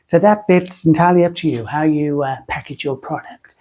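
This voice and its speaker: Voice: medium pitch, fairly quick, darkish tone. A soap-making tutorial host from Britain, chatting in a rambling, self-mocking way while using a put-on funny voice. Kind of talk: casual rambling tutorial chat.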